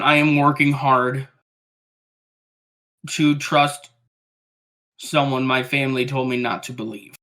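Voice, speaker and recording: Guarded leader, slow and deliberate, voiced by a tabletop player. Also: medium pitch, fairly bright tone. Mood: earnest. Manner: measured, wary. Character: cautious guarded leader named Harlow.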